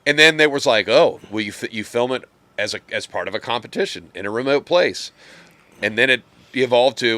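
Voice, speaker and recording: Lively, bright-voiced man in casual chat. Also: medium pitch, brisk, dry recording. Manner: rambling, profane, laughs loudly. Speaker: podcast co-host.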